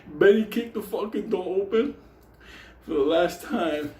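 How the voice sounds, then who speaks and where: A man's voice: high voice, unhurried, darkish tone, reverberant. A man telling a wild story in a rowdy, profane way, often laughing as he talks.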